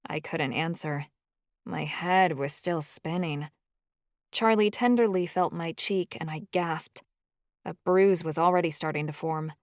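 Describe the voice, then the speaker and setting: Low-voiced woman narrating an audiobook. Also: dry recording, studio quality. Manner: even, measured storytelling. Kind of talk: scripted first-person narration.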